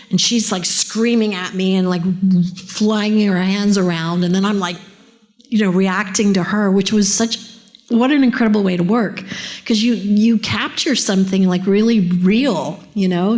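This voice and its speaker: A woman's voice: mid-range voice, darkish tone. A middle-aged woman, a voice actress, talking casually and eagerly at a convention panel, often drifting into tangents. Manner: chatty, enthusiastic, wanders into tangents.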